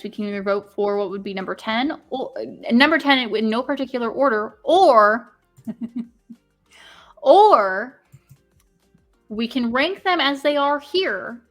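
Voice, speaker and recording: A young woman co-hosting a casual live stream, rambling and swearing as she tallies votes. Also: fairly high pitch. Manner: rambling, swearing, tallying aloud. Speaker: podcast co-host.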